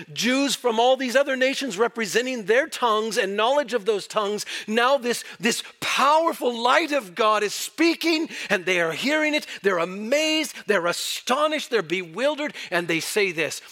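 High, bright-voiced preaching man. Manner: animated preaching, acting out astonished crowd voices. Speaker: pastor. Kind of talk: sermon.

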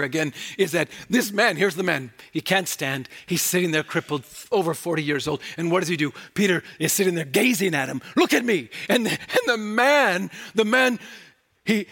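A man preaching an expository sermon, with animated swings between loud emphatic quotes and quiet asides, and frequent restarts. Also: high-pitched, slightly rough. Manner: frequent restarts and repeated words. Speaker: pastor.

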